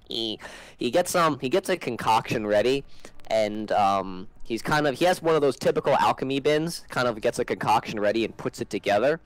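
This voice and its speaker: A man's voice: medium pitch, expressive, normal speed, dry recording, rough recording. A man narrating as game master in a tabletop game, rambling and hesitant with many fillers.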